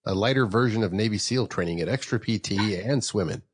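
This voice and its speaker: A man's voice: fairly low pitch, quick pace, slightly rough. A man hosting a casual interview, chatty and joking, often chiming in over his guest. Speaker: interview host, fellow veteran. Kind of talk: casual chat.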